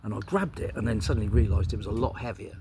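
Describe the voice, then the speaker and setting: A man doing stand-up comedy, telling a holiday story in an animated way and acting out other people's lines. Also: lowish voice, fast talker, background noise.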